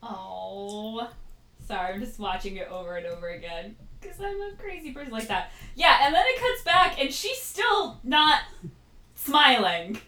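A woman's voice: on the high side, big pitch swings, sharp tone, recorded from a distance. Chatty laughing woman in a roomy space. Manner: chatty, laughs often, drawn-out quips. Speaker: podcast co-host. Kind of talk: casual chat. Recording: roomy, from off the mic.

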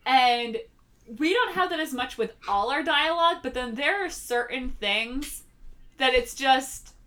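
A woman co-hosting a casual film podcast, animated, laughing often and acting out lines. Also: sits high, a little slow. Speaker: podcast co-host.

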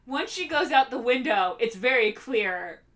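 A woman co-hosting a casual film podcast, animated, laughing often and acting out lines. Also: on the high side, unhurried. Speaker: podcast co-host.

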